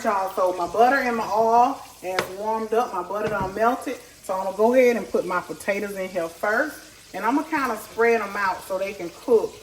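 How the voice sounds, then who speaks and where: A woman's voice: mid-range voice, slight background noise, poor audio. A woman, chatting folksy and direct to viewers as she cooks at home. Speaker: home cook. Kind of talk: casual cooking tutorial. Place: home kitchen. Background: faint sizzling pan.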